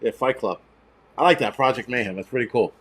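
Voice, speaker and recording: A livestream host in his forties with a mid-range, brisk voice rants on a casual stream, swearing loosely. His tone is profane and mocking.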